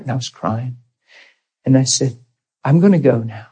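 Husky-voiced man preaching a story. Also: medium pitch, normal speed, long pauses, rough recording. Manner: earnest, animated retelling with quoted dialogue. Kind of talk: storytelling sermon.

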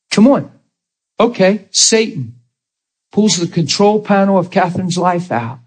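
A man preaches a sermon, his voice a touch high and husky. He talks in a folksy, storytelling way and slips into the voices of the people he describes.

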